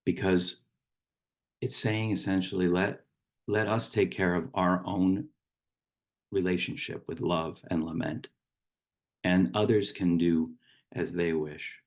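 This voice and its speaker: Middle-aged man, meditation teacher; very low, gravelly voice, gentle and unhurried. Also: fairly even intonation. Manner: gentle, unhurried, with small restarts. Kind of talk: reflective spoken talk.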